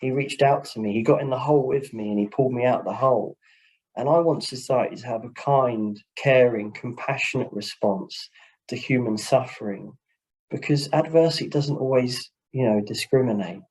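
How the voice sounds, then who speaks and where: An earnest man speaks over a video call in a mid-pitched voice, telling a personal story in a webinar. His delivery is heartfelt and open, and he leans on "you know" as he goes. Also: moderate pace, a little mellow, husky, poor audio. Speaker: social worker, webinar guest.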